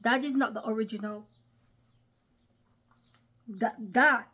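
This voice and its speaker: A woman's voice: on the high side, steady tone, slow pace, sharp tone, slightly rough. A woman giving religious commentary in an online vlog, speaking emphatically and often addressing her listeners as brothers and sisters. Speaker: online preacher.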